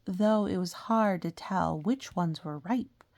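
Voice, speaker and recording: A woman reads a picture book aloud, slowly and with a gravelly edge. She stops often to point out the characters to young listeners. The sound is dry and close. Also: on the low side, dry recording. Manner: animated, talks to young listeners about the pictures. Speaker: storybook reader. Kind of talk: reading a picture book aloud with chatty asides.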